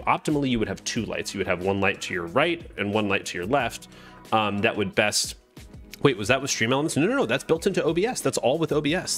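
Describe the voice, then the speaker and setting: A Twitch streamer with a mid-range, fairly bright voice casually explains his streaming setup in a live-streamed software tutorial. He rambles, greets chat mid-sentence, and corrects himself.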